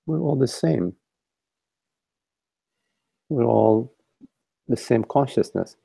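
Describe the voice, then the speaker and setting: A man's voice: medium pitch, lively intonation, slow, vocal fry, warm tone, husky, no room sound. A man leading a contemplative dialogue over an online call, searching for words and often repeating and restarting his phrases. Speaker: spiritual teacher.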